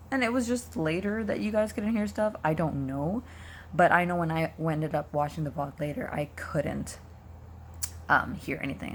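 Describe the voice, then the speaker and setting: A woman's voice: low-pitched, a little hiss or hum. A young woman streamer from Canada, talking casually to her viewers in a rambling way while losing her voice. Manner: chatty, rambling, frequent ums and likes. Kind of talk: casual vlog talk to viewers.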